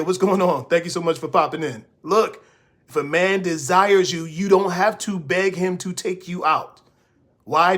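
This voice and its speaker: A man giving casual, preachy dating advice to a live audience, now and then mimicking women in a high voice. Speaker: dating coach. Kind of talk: casual livestream advice talk.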